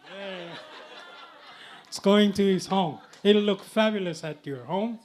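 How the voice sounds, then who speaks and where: Jovial male auctioneer, high-pitched and unhurried, teasing bidders at a live charity event. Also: darkish tone.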